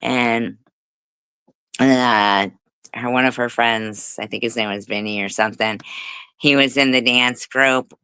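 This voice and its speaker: A woman's voice: a bass voice, steady tone, measured pace, pauses often, bright, forceful tone, smooth, no echo, poor audio. A middle-aged woman telling a rambling story in casual livestream chat, laughing often and swearing freely. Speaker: livestream host. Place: home livestream.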